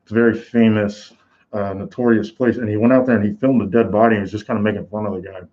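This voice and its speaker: Man, low voice, live reaction host, casual rambling, lots of fillers, muffled lo-fi sound. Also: steady tone, fast.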